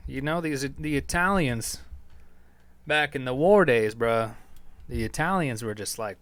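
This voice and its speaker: A man's voice: fairly high pitch, a little slow, fairly bright tone, smooth, no room sound. Rambling, profane male podcast host. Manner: rambling, profane, heavy on fillers. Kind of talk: rambling podcast monologue answering listener questions.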